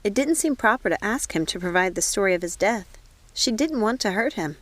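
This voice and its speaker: A woman narrating an audiobook in a measured, even storytelling voice. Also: medium pitch, no echo. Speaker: audiobook reader.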